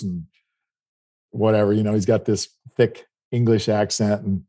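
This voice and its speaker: A man's voice: fairly low pitch, fairly even intonation, normal speed, dark tone. A middle-aged man from South Dakota telling a rambling travel story in casual chat. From South Dakota, United States. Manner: rambling anecdotal storytelling with restarts.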